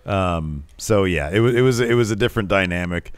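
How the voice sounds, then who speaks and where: A man's voice: fairly quick, clean tone, dry recording. A man co-hosting a podcast, casually recapping wrestling matches and acting out quoted lines with big jumps in his voice. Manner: animated, mimics quoted wrestlers with pitch jumps. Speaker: podcast co-host.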